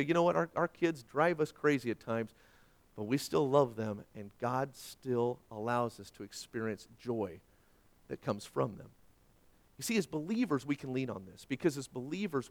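Male pastor in his thirties, high and animated delivery, stammering repeats when excited. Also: vocal fry. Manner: dramatic storytelling with big swings in pitch and loudness. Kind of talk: sermon.

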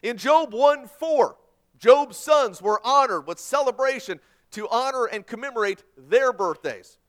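Guy preaching, lively and emphatic, voice pretty high and bouncing around. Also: measured pace. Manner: animated, emphatic storytelling. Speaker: pastor. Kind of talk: sermon.

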